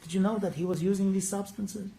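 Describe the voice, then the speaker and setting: A man's voice: high-pitched, steady tone, quick pace, vocal fry, warm tone, a little hiss or hum. A man working as a defense attorney, cross-examining a witness in a courtroom with pressing, leading questions.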